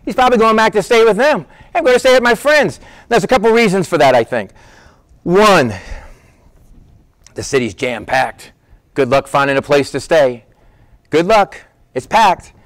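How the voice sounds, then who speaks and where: Preacher guy giving a sermon, talks right to the crowd like "guys", a bit high voice, repeats himself when he gets going. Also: normal speed, pauses often, no echo. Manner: emphatic, animated, repeats words when worked up; conversational, addresses listeners as "guys". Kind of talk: sermon, Bible teaching.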